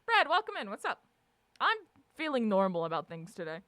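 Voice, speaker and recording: A woman's voice: mid-range voice, huge pitch swings, a little fast, pushed and bright, no room sound. A woman livestreamer chatting casually with her viewers, ranting with lots of swearing and frequent laughter. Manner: profane, ranting, laughs often. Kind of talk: casual live-stream chat.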